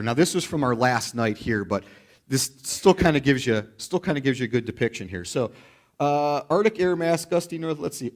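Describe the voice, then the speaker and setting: Chatty male pastor telling a lively story. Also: medium pitch. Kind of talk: sermon.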